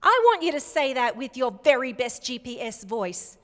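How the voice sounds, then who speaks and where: A middle-aged woman giving a motivational keynote talk in a large hall, speaking slowly and emphatically with clear enunciation. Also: sits high, very animated, fairly bright tone. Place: large hall before a live audience. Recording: long hall reverb.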